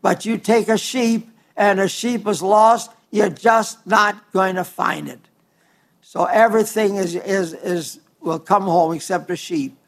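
High-voiced older male preacher, folksy. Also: steady tone, a little slow, vocal fry. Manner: stumbling, repeats words, homespun storytelling. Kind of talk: folksy sermon with anecdotes.

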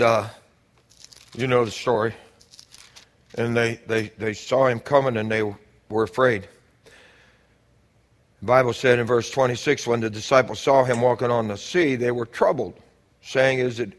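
A man preaching a sermon, building to shouted exhortations and stretching out repeated phrases. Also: medium pitch.

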